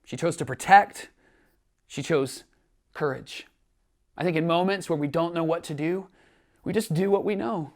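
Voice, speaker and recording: A man's voice: fairly high pitch, moderate pace, long pauses. Earnest man preaching a sermon. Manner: earnest, storytelling, rising emphasis. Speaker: pastor. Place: church streaming from home.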